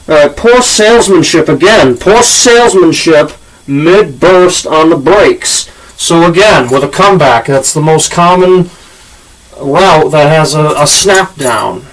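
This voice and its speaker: A man's voice: on the high side, fairly bright tone. A man hosting a casual football analysis, blunt and profane, talking like a coach explaining routes. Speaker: channel host analyzing draft picks. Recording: voice from a distance off the mic.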